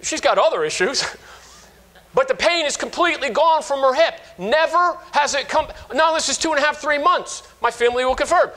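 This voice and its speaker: Brief: high-pitched man in his fifties, a pastor delivering a sermon, animated, stops and restarts as he tells stories. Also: brisk. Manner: animated storytelling with frequent restarts.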